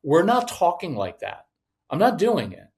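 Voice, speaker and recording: Animated middle-aged man coaching parents. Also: on the high side. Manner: animated, acts out parents and kids in quick voices; direct, coaching tone. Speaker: parenting educator guest. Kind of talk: podcast interview.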